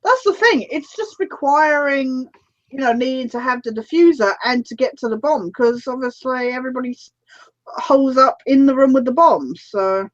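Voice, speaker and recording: A woman co-hosting a casual gaming chat, lively and quick to laugh. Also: high voice. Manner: lively, laughs often, agreeable. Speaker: podcast co-host. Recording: dull lo-fi audio.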